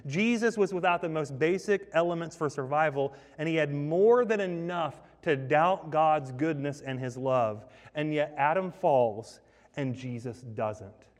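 A male pastor preaches with emphasis and keeps throwing rhetorical questions to his listeners. His fairly high voice rings out with a long reverb tail in a large hall. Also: a little slow. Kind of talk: sermon.

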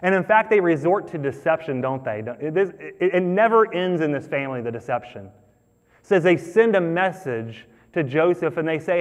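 Animated preaching man, echoing hall. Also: on the high side, normal speed. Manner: animated, acts out characters' voices. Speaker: pastor. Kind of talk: sermon. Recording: long hall reverb.

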